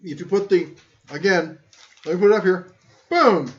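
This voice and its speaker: Guy with a pretty high voice hosting a tool live stream, rambly and jokey, kinda muffled lo-fi sound. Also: moderate pace. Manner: rambling, joking, self-deprecating. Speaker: tool channel host. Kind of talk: casual live-stream chat.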